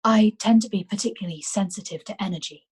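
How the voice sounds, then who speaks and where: A woman reading aloud, voicing a composed young female illusionist who speaks calmly and precisely. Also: medium pitch, quick pace, slightly rough.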